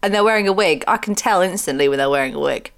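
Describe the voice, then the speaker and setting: A woman's voice: fairly low pitch, expressive, fast talker, gravelly, clean tone. A woman co-hosting a podcast, making dry, wry asides in casual chat. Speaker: podcast co-host.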